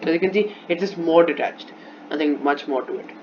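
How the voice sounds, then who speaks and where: A man's voice: a little high, brisk, noisy background. A man teaching a music theory lesson off the cuff, often restarting and repeating himself while he demonstrates. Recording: dull lo-fi recording with instrument playing.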